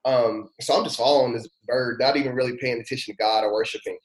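A man's voice: mid-range voice, steady tone, fast talker. Earnest pastor telling his story, roomy echo. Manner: earnest, heartfelt, casual slang and fillers. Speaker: pastor, podcast guest. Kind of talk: personal storytelling testimony.

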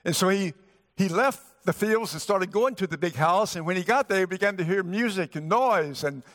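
A man's voice: high voice, animated, normal speed, a bit bright. A male guest pastor preaching a sermon, telling a story and voicing the characters' lines. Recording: long hall reverb.

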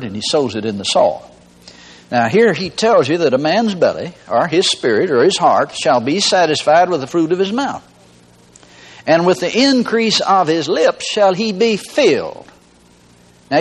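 An older man teaching scripture on a radio broadcast, folksy and plain-spoken, with emphatic quoting of verses. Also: mid-range voice. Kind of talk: broadcast sermon.

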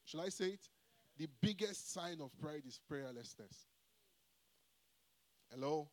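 A man with a high voice preaches a sermon. He is emphatic and often calls out to the congregation to answer back. His loudness and pace swing from line to line. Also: lively intonation, a little slow. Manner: call-and-response, repeatedly asking the congregation "Hello?".

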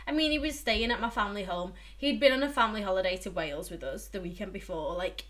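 A young woman co-hosting a casual podcast, giggly and animated as she tells stories. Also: mid-range voice, fast talker. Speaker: podcast co-host.

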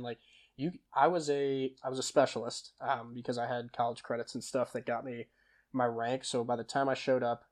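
A young man, a podcast guest, telling stories in a relaxed, chatty way, often trailing off and restarting his sentences. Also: medium pitch. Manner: lively storyteller who laughs and acts out quoted lines; casual, with frequent fillers and self-corrections. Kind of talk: conversational storytelling.

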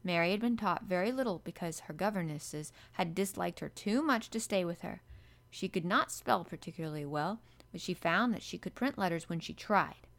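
A woman reading a classic children's novel aloud in calm, even narration. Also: on the low side, normal speed. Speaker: audiobook narrator. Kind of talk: scripted storybook narration.

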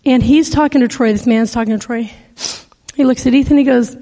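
A middle-aged woman from the American Northwest preaches as a guest speaker, slipping into storytelling and quoting others with feeling. Her voice sits a little high and mellow. It rings out with a long reverb, as in a large church hall. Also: fairly even intonation, a little fast. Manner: storytelling, conversational, emotional. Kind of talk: sermon.

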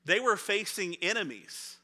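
A middle-aged man, a pastor, preaching a sermon in a conversational, animated way, acting out the voices of people in the story and laughing now and then. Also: high-pitched, normal speed. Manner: laughs often, repeats words when restarting.

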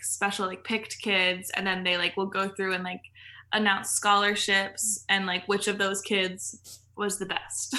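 A woman's voice: mid-range voice, bright, forceful tone. A woman guest on a podcast, telling stories in casual chat, full of "like" fillers and laughing as she goes. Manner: chatty, filler-heavy storytelling with frequent laughs.

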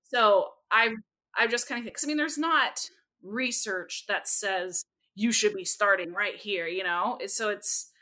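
A young adult woman, a speech therapist, telling stories in an animated, expressive way as a podcast guest. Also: medium pitch, measured pace. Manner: animated, expressive, jumps into quoted voices. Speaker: speech-language pathologist guest. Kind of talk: lively storytelling in a podcast interview.

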